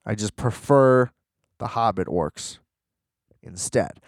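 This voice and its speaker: A man's voice: lowish voice, animated, slow pace, vocal fry, no echo, clean studio sound. A young man in a rambling, sarcastic casual rant, full of fillers and restarts.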